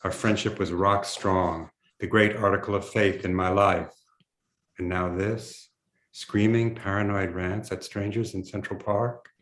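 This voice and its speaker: Brief: male author reading his memoir aloud, low voice, roomy echo on a video call. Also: steady tone, a bit bright. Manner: measured storytelling.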